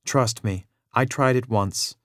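A man's voice: mid-range voice, slow, fairly bright tone, no echo, studio quality. A man voicing a boy who is the older brother, sometimes tired and sighing, in a storybook reading. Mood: warm. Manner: tired, sighing delivery shifting to alarm. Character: older brother boy, weary then warm.

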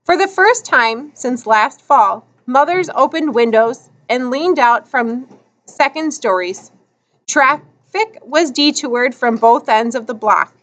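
A woman narrating a children's novel aloud in an expressive storytelling manner. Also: sits high, slow pace, low-quality recording. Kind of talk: audiobook narration.

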